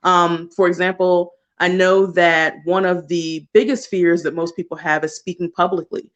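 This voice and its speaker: A woman's voice: on the low side, level tone, moderate pace, dull audio. Chatty, laughing woman card reader. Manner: chatty, laughs often, casual slang and swearing. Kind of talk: casual livestream talk.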